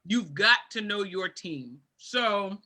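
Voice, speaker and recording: A woman's voice: medium pitch, expressive, slow pace, bright, forceful tone. A woman co-hosting a casual panel talk show, giving practical advice and repeating her key points. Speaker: podcast co-host.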